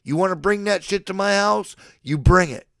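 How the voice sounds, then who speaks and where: This is a forties-aged livestreamer delivering a mock-sermon rant to his chat, alternating profane, boastful threats with expressions of affection. He has a high-pitched voice with vocal fry and some brightness, speaking at a normal speed. The recording is dry and studio grade.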